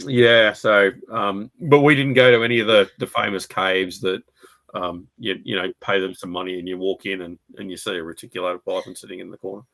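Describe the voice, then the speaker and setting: Swearing, animated male podcast host. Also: sits low, fairly quick, vocal fry, no echo, low-quality recording. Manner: animated anecdotes, swears freely, acts out quotes. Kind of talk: casual chat.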